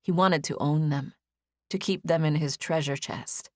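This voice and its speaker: A woman narrating a romance audiobook in an even, measured storytelling manner on a close studio mic. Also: low voice, no echo. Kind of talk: scripted narration.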